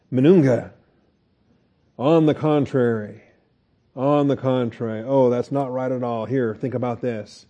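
A man teaches a Bible class in a loose, conversational way, checking in with his listeners and often restarting his sentences. His voice is very dark and mellow. The recording sounds dull and lo-fi. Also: mid-range voice, moderate pace, pauses often. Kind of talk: Bible study lecture.

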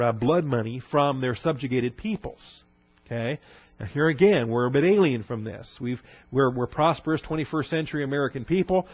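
On a dry, slightly dull recording without echo, a medium-pitched middle-aged man from Texas leads a casual Bible lesson. He unpacks Greek terms, using many fillers and checking in with "all right?" again and again.

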